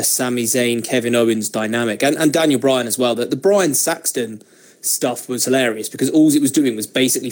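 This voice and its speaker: A man co-hosting a casual chat podcast who talks in a laid-back way, with restarts. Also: medium pitch. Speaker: podcast co-host.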